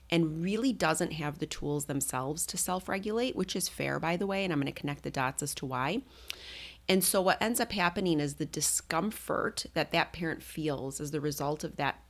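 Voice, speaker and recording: A middle-aged woman hosts a solo parenting talk. Her voice sits low and gravelly, with a noticeable fry. She explains things conversationally, full of "like" and "um". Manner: conversational, explanatory, with many fillers. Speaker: parenting coach and podcast host.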